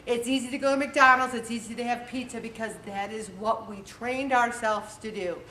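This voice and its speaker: A woman leading a weight-loss group, giving an animated motivational talk and acting out quotes. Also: fairly high pitch, moderate pace. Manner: animated, acts out quotes with lively voices. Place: meeting room with an audience. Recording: echoey room recorded from a distance, faint hiss.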